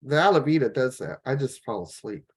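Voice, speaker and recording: A woman on a laptop video call, telling her personal health story in a rambling, halting way, full of fillers and restarts. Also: extremely low pitch, lively intonation, darkish tone, breathy edge. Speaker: guest sharing a health testimonial. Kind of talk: casual personal testimony.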